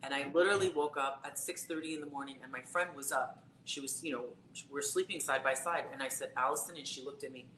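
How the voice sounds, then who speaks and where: Speaking fast with few pauses, a psychic tarot reader with a rumbling low, fairly bright voice recounts something from her own life in casual live-stream chat. Her storytelling is chatty and filler-heavy. The room echoes, and there's faint noise in the background.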